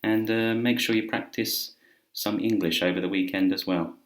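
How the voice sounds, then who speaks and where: A deep-voiced man gives a casual English grammar lesson to camera, chatty and relaxed, with plenty of filler words. His voice rings in a noticeably echoey room. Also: moderate pace. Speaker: English teacher. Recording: roomy echo.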